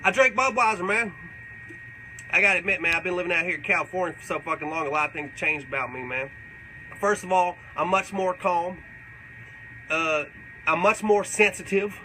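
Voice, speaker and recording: Crude boastful redneck played by a man, rambling, swearing, high-pitched, faint background hiss. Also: natural voice. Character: rowdy redneck man, crude, boastful tall-tale teller. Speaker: comedic character answering fan questions. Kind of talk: comedic character Q&A livestream.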